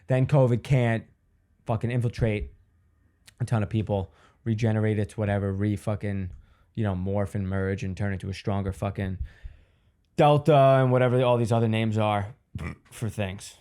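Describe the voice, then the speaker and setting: A man's voice: on the low side, a little mellow. A male comedian rambling through a solo podcast monologue. His delivery is loose and profane, and he swears freely as he rants.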